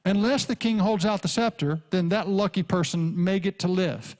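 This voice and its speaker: Rich: An anxious young queen, put on by a male preacher, explaining her danger in a raised, quickened voice. She sounds pressed and worried. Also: sits high, darkish tone, pitched above the performer's own voice, lightly acted.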